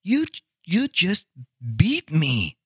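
A man putting on the voice of a soft-spoken young male chess player with a Korean accent, gentle and pleading in manner. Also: high-pitched, huge pitch swings, extremely slow, husky, no room sound, studio quality, voice pushed up, exaggerated voice.

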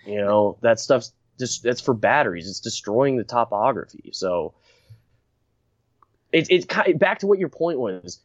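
A man's voice: medium pitch, animated, a little slow, no echo. A young man hosting a casual podcast chat, rambling and blunt, laughing often and restarting his sentences. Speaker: podcast host. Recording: dry, dull lo-fi recording.

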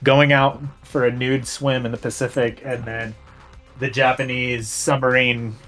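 A man's voice: medium pitch, flat delivery, measured pace, fairly bright tone, faint music behind. A man co-hosting a podcast in casual chat, rambling with many fillers. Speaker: podcast co-host.

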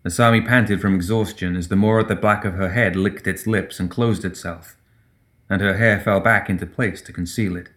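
A man giving steady, measured scripted narration of a dark fantasy story. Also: low-pitched.

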